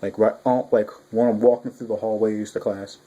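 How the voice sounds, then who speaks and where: A man talks through a casual review in a mellow, warm voice. He is excitable and rambling, restarting sentences and swearing freely as he goes. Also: lowish voice, fairly quick, highs cut off. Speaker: manga reviewer.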